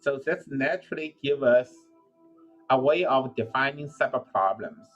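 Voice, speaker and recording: Male lecturer, average pitch, hesitant think-aloud delivery, faint music under. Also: a little slow, highs cut off. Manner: thinking aloud with frequent "uh" and self-corrections. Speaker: university lecturer. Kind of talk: recorded lecture.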